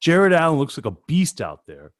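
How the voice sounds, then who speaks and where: A man co-hosting a casual sports podcast, eager and animated as he runs through his notes. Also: fairly high pitch, fairly quick. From Pacific Northwest of the US. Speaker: co-host.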